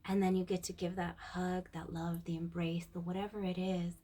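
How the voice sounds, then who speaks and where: A vlogger offers a casual, heartfelt personal reflection recorded on a phone, speaking softly and often sinking into a breathy near-whisper. Her voice is lowish and level in tone, and her pace is brisk.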